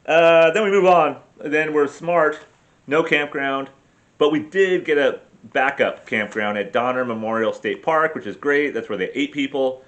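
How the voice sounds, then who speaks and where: A man's voice: a little high, unhurried, fairly bright tone, lo-fi sound. A man rambling through a casual travel vlog, swearing freely and telling self-deprecating stories about his camping trip with his family. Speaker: vlogger.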